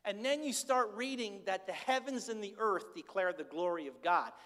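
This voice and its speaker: An older man preaching a conversational sermon as pastor, candid and animated as he tells stories. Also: sits high, normal speed. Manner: candid, chatty, animated storytelling. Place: church sanctuary. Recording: reverberant church hall.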